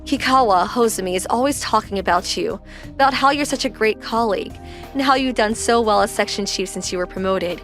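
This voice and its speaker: A woman's voice: medium pitch, a little fast, soft background music, lightly acted. An actress voicing a worried, protective young wife who confronts her husband's boss insistently.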